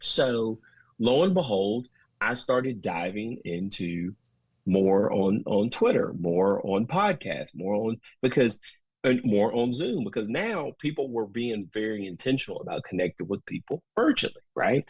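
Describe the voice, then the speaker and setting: A man in his thirties with a Southern US accent, a podcast guest telling folksy, animated stories in casual interview talk. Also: fairly low pitch, unhurried, slightly rough, no echo, rough recording. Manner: folksy, animated, quotes others in lively voices. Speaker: podcast guest, school administrator.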